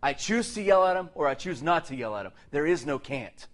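Joking, lively preacher, a man. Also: a little high, brisk. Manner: lively, joking asides and laughs between points. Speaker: pastor. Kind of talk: sermon.

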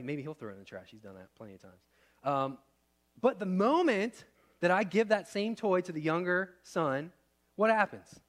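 A man in his thirties, a pastor preaching a sermon in a conversational way, asking the room questions and shifting between loud and soft. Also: a little high, sing-song, normal speed.

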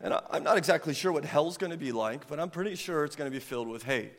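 A man preaching a sermon to his congregation, animated, breaking into loud mock outrage when he quotes people. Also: fairly high pitch, fast talker. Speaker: pastor. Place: church sanctuary. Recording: long hall reverb.

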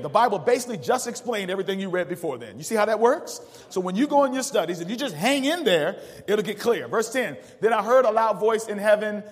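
High-voiced preacher in an echoing hall. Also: male voice. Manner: preaches with rising call-outs and asks the congregation to finish verses. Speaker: pastor. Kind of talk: call-and-response sermon.

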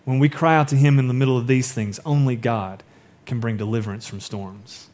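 A male pastor preaching a sermon, chatty with asides, swinging between raised, urgent lines and soft, hushed emphasis. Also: medium pitch, steady tone, a little fast. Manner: conversational asides.

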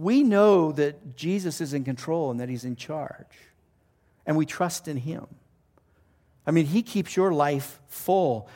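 A middle-aged or older man, a pastor preaching a conversational sermon with animated storytelling. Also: on the high side.

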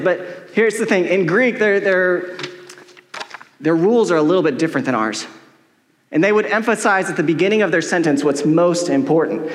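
Middle-aged male pastor, high voice, chatty and joking sermon, echoey hall. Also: expressive, brisk. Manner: casual, joking, heavy use of "like". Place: church hall with long reverb. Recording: echoey church hall with long reverb.

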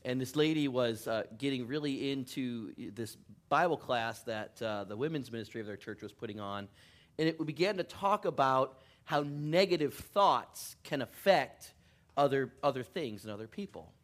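A man's voice: mid-range voice, animated, moderate pace. A middle-aged male pastor giving a casual, joking sermon in church, laughing often and poking fun at himself. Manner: chatty, self-deprecating, laughs often. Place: church sanctuary.

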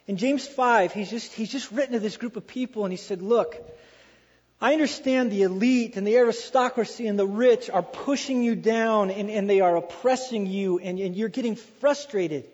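A man preaching a sermon in a lively, animated way, acting out quoted voices and repeating phrases for emphasis. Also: high-pitched, moderate pace. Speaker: pastor. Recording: dull lo-fi sound with long hall reverb.

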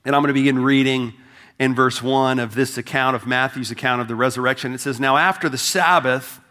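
A man's voice: medium pitch, flat delivery, fast talker, a bit bright. A pastor preaching an Easter sermon to his congregation in a conversational, emphatic way, speaking straight to them. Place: church service.

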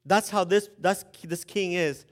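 A man delivers a sermon in a slightly higher voice. He retells the story with lively energy and acts out the characters' lines. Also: a little slow. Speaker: pastor.

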